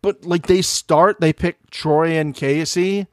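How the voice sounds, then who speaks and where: A man co-hosting a casual reality TV recap podcast, animated and profane, acting out the show's people in quoted voices. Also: a little high, slow pace, dry recording, clean studio sound. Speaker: podcast co-host.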